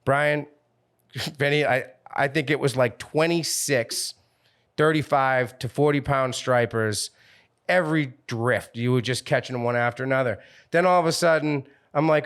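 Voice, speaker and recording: A man's voice: medium pitch, moderate pace, a bit bright. A man with a Northeastern US accent telling a fishing story on a podcast, acting out the voices of the people he quotes. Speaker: fishing captain guest.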